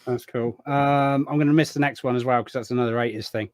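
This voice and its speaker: A middle-aged man co-hosting a casual chat, asking questions in a relaxed, friendly way with many ums. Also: medium pitch, fast talker, no room sound. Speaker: co-host.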